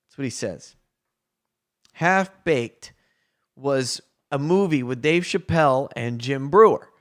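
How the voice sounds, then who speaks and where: A man telling a story in casual chat, animated, acting out the people he quotes. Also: mid-range voice, slow.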